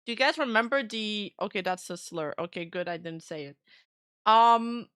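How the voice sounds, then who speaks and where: A woman's voice: medium pitch, moderate pace, fairly bright tone, clear, resonant tone, dry recording, studio quality. A woman streamer giving casual reaction commentary in a giggly, chatty way.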